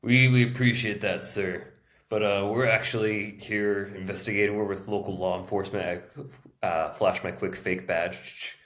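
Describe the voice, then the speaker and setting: A man's voice: fairly low pitch, fairly even intonation, moderate pace, a bit bright. A man playing a tabletop game, hesitant and earnest as an undercover cop. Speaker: player. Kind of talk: tabletop role-play.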